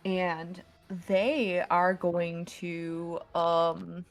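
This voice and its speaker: A woman narrating as game master of a tabletop game, unhurried, with many fillers and restarts. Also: fairly low pitch, steady tone, faint music behind.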